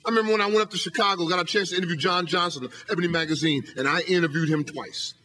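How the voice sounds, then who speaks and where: Man giving a podium motivational talk, high and bright, emphatic, rhetorical. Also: steady tone, rapid-fire, a little hiss or hum. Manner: emphatic, hammering rhetorical questions. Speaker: motivational speaker and professor. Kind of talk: motivational speech. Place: lecture hall podium.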